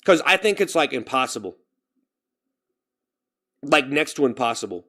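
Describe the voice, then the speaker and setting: A man's voice: mid-range voice, big pitch swings, normal speed, sharp tone. A young man streaming live, talking in a dejected, rambling way and repeating himself as he thanks viewers for gifts. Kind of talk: casual livestream chat.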